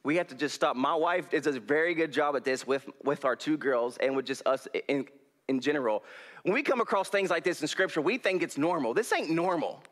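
A young male preacher, giving a folksy, animated sermon in a church hall on a headset mic and laughing often. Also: a little high, fairly quick.

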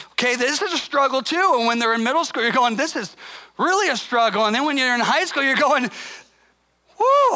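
A male pastor preaching a sermon in a conversational way, acting out what people say and dropping soft and low to stress a point. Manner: conversational, acts out quoted voices; drops to a soft, low intensity for emphasis.

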